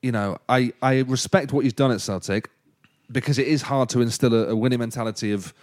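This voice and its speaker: A man's voice: medium pitch, brisk. Man pressing questions in football chat. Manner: questioning, lively, pushes his points. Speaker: podcast co-host.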